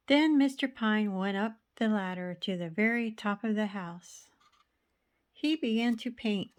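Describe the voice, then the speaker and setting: A woman's voice: medium pitch, measured pace, smooth. A woman reading a children's picture book aloud, rhythmic and playful with sound words. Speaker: storybook reader.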